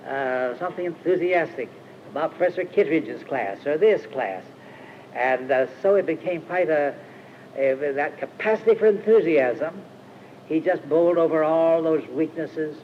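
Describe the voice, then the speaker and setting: An older man from Iowa gives an informal storytelling sermon at a Christian retreat camp, halting often with uh and restarting his phrases. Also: fairly high pitch, a little hiss or hum. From Iowa, USA. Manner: rambling, halting, with many uh-hesitations and restarts. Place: camp meeting hall. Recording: dull 1950s archive recording.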